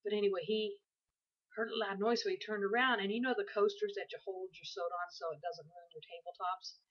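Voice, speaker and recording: A woman's voice: mid-range voice, fairly even intonation, a little fast, husky, dull audio. A tired woman in her forties telling a story to her camera from her bed at home, rambling and chatty with many asides. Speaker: vlogger. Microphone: built-in camera microphone.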